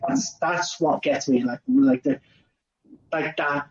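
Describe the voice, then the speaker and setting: A young Irish man on a casual podcast, telling a work story in an animated way and acting out both sides in quoted voices. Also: on the high side, slow pace, dull audio, slight background noise. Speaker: podcast co-host. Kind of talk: casual chat.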